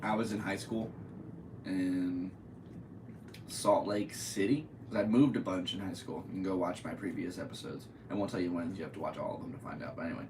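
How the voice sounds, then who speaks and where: A man's voice: deep voice, brisk, distant mic. A man from Connecticut hosting a solo podcast in his room, rambling jokily and goofily. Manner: jokey, rambling, goofy. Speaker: podcast host. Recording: echoey room, off-mic, faint hiss.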